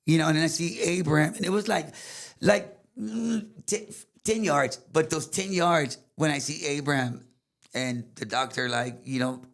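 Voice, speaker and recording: A middle-aged guest with a Tejano accent recounts a painful personal story, rambling in English mixed with Spanish and filled with fillers. His voice is gravelly and fairly high, at a normal speed.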